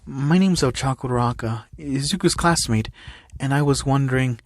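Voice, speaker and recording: A man's voice: mid-range voice, normal speed, no room sound, clean studio sound, lightly acted. A man voicing a flustered young schoolgirl who blushes easily and mutters to herself.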